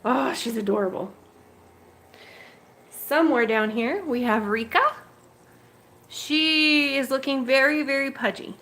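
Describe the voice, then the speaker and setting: Carrying a handheld camera through her home fish room, a woman who breeds bettas and hosts a channel livestreams casually, cooing at and chatting warmly with her fish. Her voice is high and a bit bright, her pace measured, with frequent pauses.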